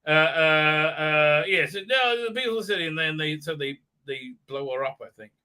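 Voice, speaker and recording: A man's voice: fairly high pitch, lively intonation, moderate pace, sharp tone, smooth. A man recapping a show on a live stream, mocking it and acting out the characters in silly voices, with many fillers.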